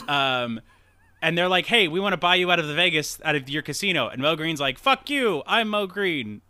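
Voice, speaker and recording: A man's voice: fairly high pitch, a little fast, pushed and bright, smooth, no room sound. A man hosting a podcast, rambling through a casual movie recap, swearing, laughing at himself and acting out lines from the plot. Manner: rambling, profane, laughs at himself, acts out quotes. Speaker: podcast host.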